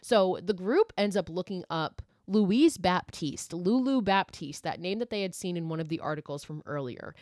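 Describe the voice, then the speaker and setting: A woman's voice: on the low side, expressive, normal speed, few pauses, a little mellow, no room sound, studio quality. A woman podcast host recapping a horror film in a casual, chatty way, swearing freely and saying "like" often.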